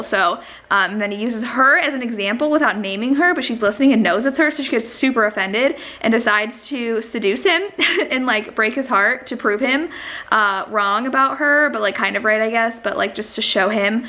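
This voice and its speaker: Bright-voiced chatty young woman vlogger. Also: a little high, a little fast. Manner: chatty, filler-heavy, gushing. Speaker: book vlogger. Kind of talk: casual vlog chat.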